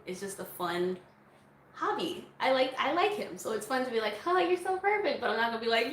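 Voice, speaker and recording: A woman's voice: mid-range voice, fairly bright tone, a little hiss or hum. Chatty woman vlogger in an echoey room. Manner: chatty, laughs often, breaks into song snippets. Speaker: YouTube vlogger answering viewer questions. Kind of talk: casual Q&A chat.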